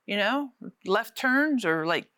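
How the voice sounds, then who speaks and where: A woman preaching a casual, conversational sermon, animated and often repeating words. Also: medium pitch, slow, dry recording.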